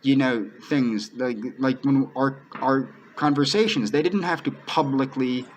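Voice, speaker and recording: A man's voice: medium pitch, measured pace, a little hiss or hum, poor audio. A man giving an earnest personal monologue to camera, pleading and repeating himself as he addresses one person directly. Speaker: video creator.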